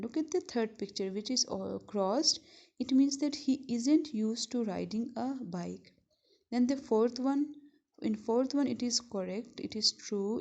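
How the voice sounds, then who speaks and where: A woman teacher from Pakistan giving a school lesson, speaking slowly and repeating words syllable by syllable. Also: on the high side, warm tone. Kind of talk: recorded classroom lesson. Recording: dull lo-fi recording.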